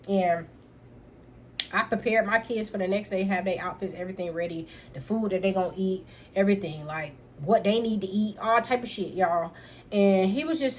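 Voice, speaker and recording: A young woman telling a personal story straight to camera in an animated, profane way, talking to her viewers as y'all. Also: medium pitch, a little hiss or hum. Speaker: storytime vlogger. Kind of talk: casual storytime vlog.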